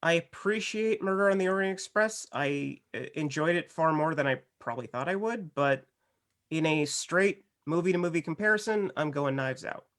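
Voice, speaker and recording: A man's voice: a little high, moderate pace, a bit bright. A man giving his opinion as a juror on a casual film podcast, thoughtful and rambling, with lots of "like" and "uh". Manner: thoughtful and rambling, many restarts and "like" and "uh".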